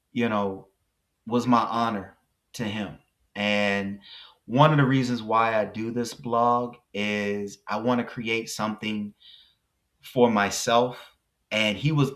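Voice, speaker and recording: Soft-spoken, reflective man host. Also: medium pitch. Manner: soft-spoken and heartfelt, hesitant with many fillers. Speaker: car vlog host. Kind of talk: reflective personal talk to viewers.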